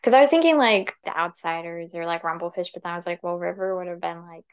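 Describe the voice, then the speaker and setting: A woman's voice: fairly low pitch, quick pace, smooth. A woman co-hosting a podcast in casual chat, easygoing and talking in loose, trailing thoughts. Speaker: podcast co-host.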